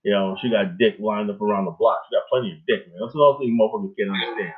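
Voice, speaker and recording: A man's voice: on the low side, rapid-fire. A man hosting a casual talk show, ranting in a rambling, emphatic way with lots of filler tags and plenty of swearing. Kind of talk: casual profane rant. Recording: tinny phone line.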